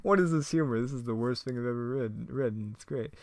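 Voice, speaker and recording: A man's voice: medium pitch, fast, a little mellow, no echo, studio quality. A young man giving casual, self-mocking commentary on his old scripts and laughing often. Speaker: video host.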